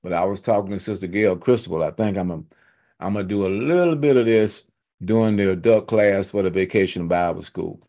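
A man teaching a church Bible study, retelling scripture in loose everyday speech with humorous asides and emphatic, slowed-down stresses. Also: low voice, warm tone. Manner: fired up and emphatic, slowing to stress key words.

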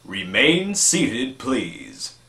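A man voicing a sinister, mocking male ghost host in slow, low, hushed tones. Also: sing-song, roomy sound, heavily acted. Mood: eerie.

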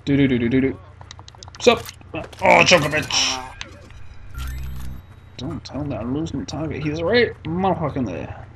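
Casting: jonge let's-player, vloekend en opgewonden, bewegende toon. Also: male voice, on the high side, unhurried, long pauses, slight background noise. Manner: excitable, swearing and mock-frustrated. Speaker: let's play gamer. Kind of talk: casual gameplay commentary.

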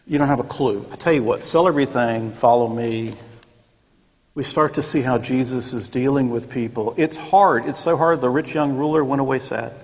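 A man's voice: mid-range voice, normal speed. A man teaching a church Sunday school class in a conversational way, with joking asides and acted-out quotes. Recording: long echoey church room.

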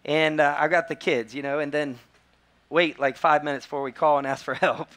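Pastor guy, 40s, highish voice, acts out stories in his sermon. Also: fairly quick. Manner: animated storytelling, acting out quotes in high voices.

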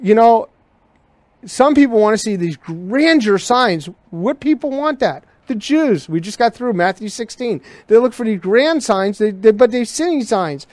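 A man's voice: high-pitched, expressive, a little slow, darkish tone, no echo. A man teaching the Bible verse by verse to his congregation, in a conversational style that keeps asking them questions. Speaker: pastor. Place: church sanctuary.

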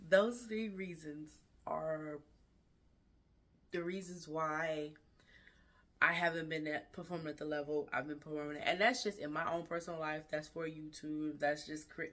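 A fashion vlogger and designer with a low, slightly bright voice gives her viewers an earnest, emotional, candid life update indoors at night. She is frank and restarts her sentences repeatedly.

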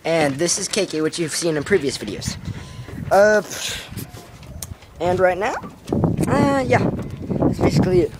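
A man's voice: high-pitched, noisy background. A young man vlogging at home into a camera mic, rambling hesitantly with many fillers and playful mock-profound wordplay. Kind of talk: casual rambling monologue to camera. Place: at home indoors.

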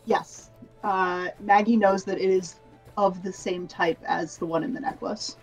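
A woman narrating as game master of a tabletop role-playing game, chatty and relaxed, with a lot of fillers. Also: mid-range voice, measured pace, faint music behind, low-quality recording. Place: home streaming setup.

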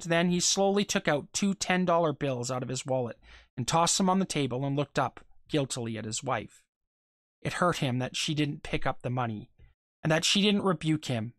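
A reader telling a short story aloud in a steady voice, with small stumbles and repeated words. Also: medium pitch, normal speed, dry recording, studio quality.

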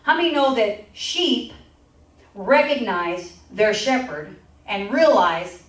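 In a church sanctuary, a woman pastor with a fairly high, animated voice preaches slowly, repeating scripture lines and drawing answers from the congregation in call-and-response style. The recording is echoey and distant, like it was captured from far back in the hall.

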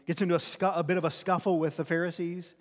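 A pastor with a slightly high voice and level tone preaches quickly, teaching from scripture. He's earnest and often restarts his words, and the recording has a long hall reverb.

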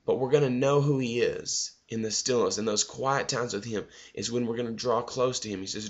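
A man's voice: mid-range voice, steady tone, a little fast, hardly any pauses, dull audio. A male preacher giving a loose, conversational devotional sermon that often repeats words.

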